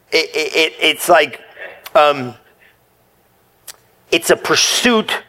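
A man preaching with a high, bright and keen voice. He is animated and casual, throws in slang, and talks straight to his listeners in a sermon. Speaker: pastor.

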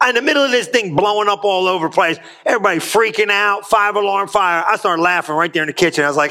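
A pastor preaching an emphatic sermon in a church, calling out to the congregation for responses. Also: male voice, sits high, fast, bright, forceful tone.

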